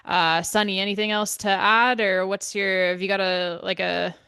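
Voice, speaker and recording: A chatty woman hosting a sports podcast, talking loosely with lots of fillers and the odd swear. Her voice is smooth and clear, recorded close and dry. She speaks at a middle pitch for a woman. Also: level tone, normal speed, sharp tone, no room sound. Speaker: podcast host. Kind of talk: casual sports podcast chat.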